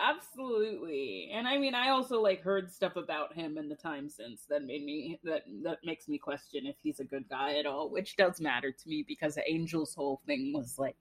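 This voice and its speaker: A woman's voice: sits low, a bit bright. A woman co-hosting a podcast, chatting casually about a movie, laughing often and swearing freely. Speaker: podcast co-host.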